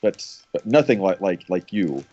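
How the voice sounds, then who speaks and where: A man's voice: low-pitched, lively intonation, normal speed, dark tone. A man playing a stammering courtly noble. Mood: flirting. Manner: stammering, courtly speech with many restarts. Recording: dull lo-fi mic.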